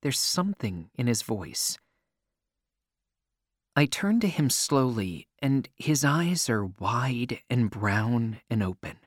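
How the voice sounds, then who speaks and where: Man reading a story slowly and expressively. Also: mid-range voice, sing-song, no room sound, clean studio sound. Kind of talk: first-person storybook narration.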